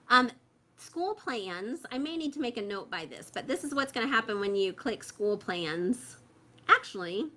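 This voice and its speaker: Bright-voiced chatty woman hosting a livestream. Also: fairly high pitch. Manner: chatty, many fillers, reads viewer comments aloud. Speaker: host of a parent membership group. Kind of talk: casual livestream talk. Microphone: phone held close.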